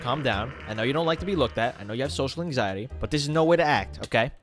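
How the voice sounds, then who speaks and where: A man's voice: medium pitch, lively intonation, rapid-fire, faint music behind. A man giving casual, jokey commentary over his gameplay and talking to the animals in the game. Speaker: gaming creator.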